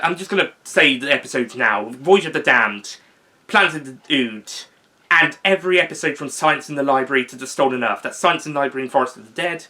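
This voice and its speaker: Young man, bright forward voice, casual rambling commentary, self-corrections and ums. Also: medium pitch. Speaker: video host ranking seasons.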